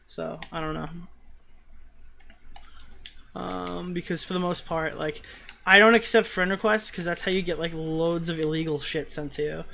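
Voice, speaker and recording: A man's voice: on the high side, fairly even intonation, normal speed, gravelly, long pauses, bright, forceful tone, slight background noise. A man with a New York accent streaming a game live, chatting casually with viewers and swearing in frustrated outbursts at his gameplay. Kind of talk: live gaming stream chat.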